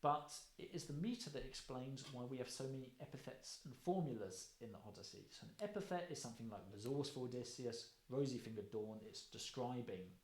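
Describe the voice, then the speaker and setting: A man's voice: mid-range voice, expressive, a little mellow. Man lecturing in an echoey room. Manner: explanatory, pausing to rephrase and correct himself. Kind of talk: recorded course lecture.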